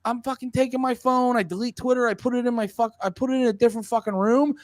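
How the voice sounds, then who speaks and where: A man in his thirties, co-hosting a casual podcast, talks fast with few pauses, rambling, animated and swearing a lot while stammering through restarted sentences. His voice is very high-pitched. The audio is clean studio sound with no room sound.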